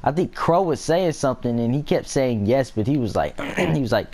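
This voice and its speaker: A young man talks loosely over his gameplay, swearing and wandering off into side stories. His voice swings widely in pitch from one phrase to the next, never settling into a flat delivery. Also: moderate pace. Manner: rambling, profane, laughing asides. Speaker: gameplay vlogger. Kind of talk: casual gaming commentary.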